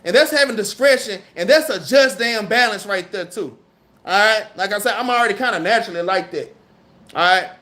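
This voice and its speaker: Teaching a scripture class, a man with a Southern US accent and a high, sharp voice keeps things casual and slangy. He reads verses slowly, then explains them.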